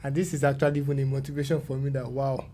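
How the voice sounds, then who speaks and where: A man's voice: medium pitch, flat delivery, rapid-fire, warm tone, a little hiss or hum. A man with a Nigerian accent hosting a podcast, who encourages his guest, laughs often and asks long questions. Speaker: podcast host. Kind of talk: podcast interview.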